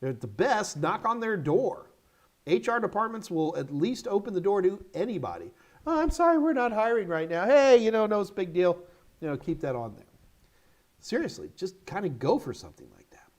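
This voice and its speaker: A middle-aged American man hosts a live question-and-answer stream and hands out job-hunting advice. He is energetic and emphatic, and he hammers home short, repeated commands. His voice sits fairly high for a man and carries a slightly tired, yawny edge. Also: moderate pace. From United States. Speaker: host answering viewer questions.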